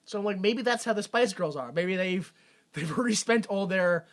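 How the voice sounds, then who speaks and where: Podcast co-host, male, high voice, sarcastic comic recap delivery. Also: a little fast. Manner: joking, sarcastic, laughs at own bits. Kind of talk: comedic movie recap chat.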